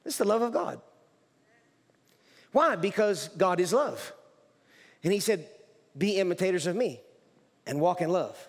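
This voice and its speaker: A male pastor preaching in a church sanctuary, his voice high and animated. He talks emphatically, repeating and restarting phrases. A long hall reverb trails behind each line. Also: measured pace, pauses often. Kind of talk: sermon.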